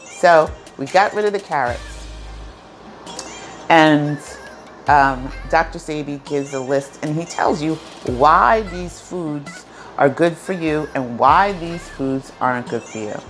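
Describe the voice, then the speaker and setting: A woman vlogger telling a personal story in a chatty, animated way, full of asides. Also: deep voice, takes it slowly, faint music behind. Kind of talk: casual storytelling to camera.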